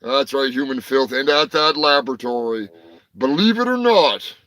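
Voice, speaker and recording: A man hosting a crude comedic news show, rambling profanely and breaking into shouted bits. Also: mid-range voice, lively intonation, normal speed, no room sound, rough recording. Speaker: host.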